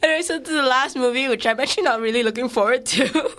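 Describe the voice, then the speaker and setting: A woman's voice: sits high, fast, fairly bright tone. A woman co-hosting a casual film review chat, retelling plots in a rambling way and laughing often.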